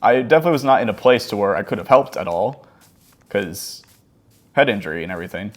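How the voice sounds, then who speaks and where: A man's voice: fairly low pitch, lively intonation, fast. A man telling a casual story over gameplay, rambling along with many fillers like "like" and "um". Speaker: gaming channel host.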